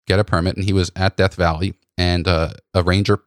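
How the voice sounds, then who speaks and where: A man hosting a podcast about photography workshops, telling stories in an animated way with many restarts. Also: deep voice, fairly quick, no echo, clean studio sound. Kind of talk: casual conversational storytelling.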